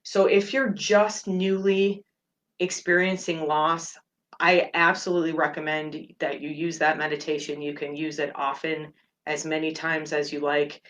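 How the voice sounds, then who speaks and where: Low-voiced, gentle woman host. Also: fairly even intonation, normal speed. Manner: gentle, open and candid about her feelings. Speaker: meditation podcast host. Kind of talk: personal reflective talk.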